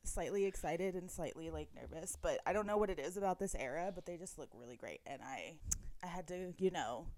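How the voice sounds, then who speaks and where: A woman's voice: fairly low pitch, expressive, a little fast, darkish tone. A young woman co-hosting a casual podcast chat, giggly and rambling with lots of fillers. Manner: chatty, giggly, trailing off with fillers. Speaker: podcast co-host.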